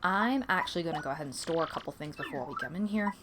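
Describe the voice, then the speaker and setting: A woman's voice: deep voice, quick pace, heavy background noise. A woman chatting casually to herself while playing through a video game. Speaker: let's play host. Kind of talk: casual gameplay commentary.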